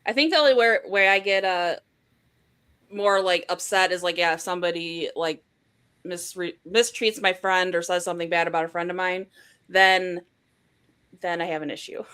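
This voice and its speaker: A woman's voice: fairly low pitch, normal speed, a bit bright, smooth. A woman co-hosting a live stream, chatting casually and giggling often. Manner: chatty, giggly, frequent fillers. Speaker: co-host.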